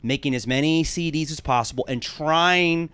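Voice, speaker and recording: A man's voice: on the high side, moderate pace, bright, forceful tone, smooth, no echo. A man who hosts a podcast and does stand-up comedy, chatting casually with crude jokes and eager asides. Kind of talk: casual chat.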